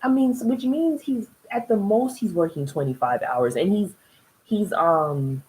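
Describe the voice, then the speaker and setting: A woman giving a casual video review of a TV show, chatty and animated, laughing often and mimicking the people she talks about. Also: medium pitch, measured pace, low-quality recording. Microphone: solo video recording.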